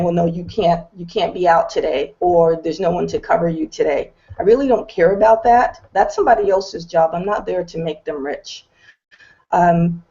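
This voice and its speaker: A woman's voice: on the low side, gravelly, darkish tone, lo-fi sound. A middle-aged woman giving an earnest, determined personal testimony on an online video call. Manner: earnest, determined, candid storytelling. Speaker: business testimonial speaker.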